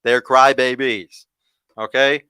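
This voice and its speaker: Heated young man ranting, bright crisp voice. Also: medium pitch, level tone, takes it slowly, no echo. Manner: heated, ranting, repeats himself. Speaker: podcast host. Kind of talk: livestream podcast rant.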